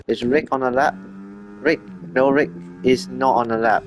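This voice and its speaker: A man's voice: medium pitch, fairly even intonation, soft background music. Chatty man commentating a sim race. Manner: quick, chatty, corrects himself often. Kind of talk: live sim racing commentary.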